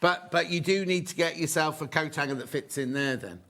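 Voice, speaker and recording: A man's voice: a little high, fairly quick, sharp tone. A man hosting a live sewing shopping show, joking and teasing his guest as he sells patterns. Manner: jokey, teasing, bouncy. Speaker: shopping channel host. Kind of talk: live TV selling chat.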